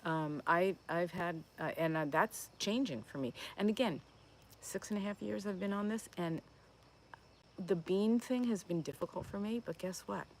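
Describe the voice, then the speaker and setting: Chatty woman with a gravelly voice. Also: lowish voice, moderate pace, slight background noise. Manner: rambling, chatty, frequent fillers and restarts; warm, encouraging, answering viewer comments. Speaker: host of a plant-based cooking channel. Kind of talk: live-stream Q&A chat.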